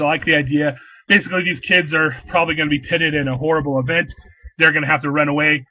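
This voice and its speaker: A man's voice: a little high, no echo, dull audio. A man casually rambling through his thoughts on new comic books, enthusiastic and full of fillers and restarts. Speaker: comic shop owner reviewing new comics.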